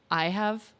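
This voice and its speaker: A woman's voice: mid-range voice, fairly bright tone, smooth. A woman in her twenties from the United States hosting a let's-play, chatting in a giggly, rambling way. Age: 20s. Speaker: gaming channel host. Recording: voice over game music.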